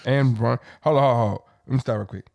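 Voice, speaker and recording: A man in a casual sports argument with a mid-range voice who keeps pausing to check his numbers. He starts over a lot and reads each figure out slowly. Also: mid-range voice, creaky, darkish tone. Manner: hesitant, reads stats off his phone with restarts. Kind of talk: heated casual sports debate.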